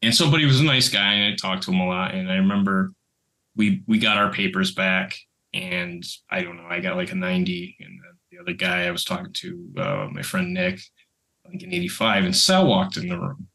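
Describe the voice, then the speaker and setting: A man's voice: low-pitched, moderate pace, creaky, sharp tone. A man telling a rambling anecdote in casual podcast chat. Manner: rambling anecdote with restarts and laughter. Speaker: podcast co-host and creator.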